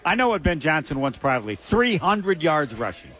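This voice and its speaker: A man's voice: a little high, very animated, normal speed, a bit bright. A man co-hosting a casual sports talk show, asking questions and making wry asides. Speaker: co-host.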